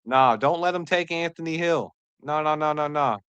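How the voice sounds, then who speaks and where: A woman hosting a live draft reaction stream, excitable and joking, answering chat as she goes. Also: deep voice, moderate pace, smooth, no echo, lo-fi sound.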